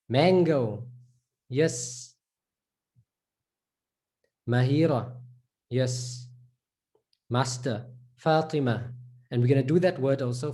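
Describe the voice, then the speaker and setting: A man from South Africa with a South African accent, teaching Arabic letters to a class and repeating each sound slowly. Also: mid-range voice, dark tone. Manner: slow, repeats sounds and words for students. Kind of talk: live online lesson.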